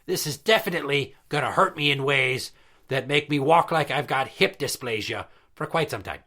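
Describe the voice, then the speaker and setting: In a comedy podcast skit, a man plays a regular character: a crude, boastful pirate party entertainer who tells profane stories. He uses a medium-pitched, sharp-toned voice at a moderate pace.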